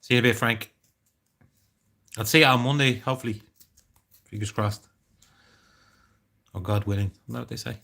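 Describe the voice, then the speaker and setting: A man's voice: medium pitch, steady tone, moderate pace, vocal fry, pauses often, bright, forceful tone. An Irish man chatting casually on a live stream, rambling and greeting viewers by name. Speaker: livestreamer.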